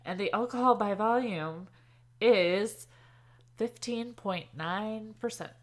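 A woman co-hosting a podcast in casual chat, with a dry, sarcastic humor and a habit of laughing and filling pauses. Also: mid-range voice. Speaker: podcast co-host. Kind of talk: casual chat over drinks.

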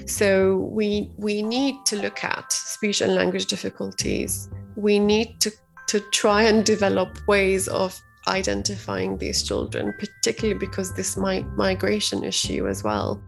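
A woman researcher talks through her work in an earnest, explanatory way, catching and restarting words as her thoughts run ahead. Her voice has a gravelly edge, and faint music plays softly underneath. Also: medium pitch, measured pace. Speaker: university researcher. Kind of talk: explaining research in an interview clip.

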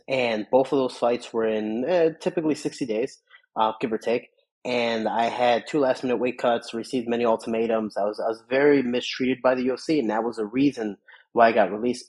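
A young man from Chicago, an MMA fighter, telling rambling, animated stories as a podcast guest. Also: medium pitch, slightly rough, low-quality recording. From Chicago, USA. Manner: rambling, animated storyteller, acts out quotes. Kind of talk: casual interview storytelling.

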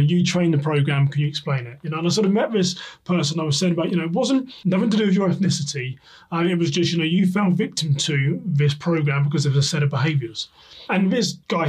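A man's voice: fairly high pitch, a little mellow, slightly rough. A man hosting a podcast, rambling and hesitant as he chats. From England. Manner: rambling, hesitant, many fillers. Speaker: podcast host. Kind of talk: casual interview chat.

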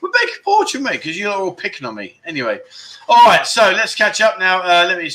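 A man's voice: sits high, very animated, brisk, bright, forceful tone, a little hiss or hum. A man hosting a casual livestream, chatty and grateful, with many restarts as he thanks viewers. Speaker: livestream host. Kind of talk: casual chat reading out viewer donations. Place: Pattaya, Thailand.

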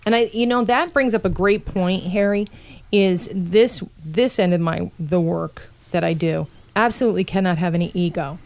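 A chatty woman hosts a casual interview, her voice sitting a little low. She laughs easily and acts out other people's lines as she tells stories. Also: normal speed, gravelly, darkish tone. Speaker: podcast host and psychic.

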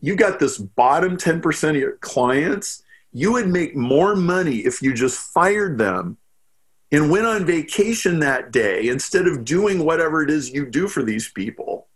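A man guesting on a podcast, talking in an animated, storytelling way with lots of "like" fillers. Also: fairly high pitch. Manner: storytelling, quick bursts with frequent "like" fillers. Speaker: podcast guest, business strategist. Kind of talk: animated interview talk.

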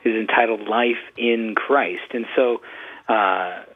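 A man's voice: lowish voice, steady tone, slow pace, slightly rough. A man who is a priest, explaining Catholic teaching in a casual, chatty way, often saying "like". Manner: conversational, uses "like" often. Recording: tinny phone-like radio sound.

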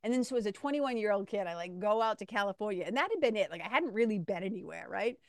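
A middle-aged woman from Massachusetts, telling a personal story in a casual, animated podcast monologue and talking straight to her listeners. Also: mid-range voice, quick pace, no room sound, clean studio sound. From Massachusetts, USA. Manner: chatty and animated, addresses listeners as "you guys". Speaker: podcast host.

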